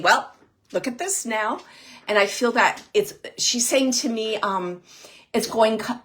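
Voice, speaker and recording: A woman working as a psychic medium, giving a live reading in a soft, hesitant way, with many pauses, and repeating words as she relays messages. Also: mid-range voice. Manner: repeats words and phrases for emphasis. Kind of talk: live spirit reading for an audience member.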